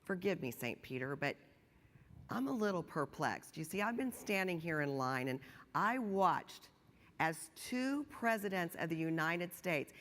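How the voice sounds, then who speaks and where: A woman's voice: medium pitch, a bit bright, lightly acted. A woman voicing a nervous female small business owner who speaks meekly and hesitantly. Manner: meek, hesitant. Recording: long hall reverb.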